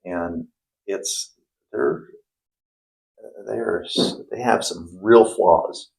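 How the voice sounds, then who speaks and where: A man's voice: low-pitched, drawn-out words, creaky, rough recording. A middle-aged man, a former plumber turned investor, talking casually in an interview with lots of fillers and restarts. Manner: rambling, many restarts and fillers.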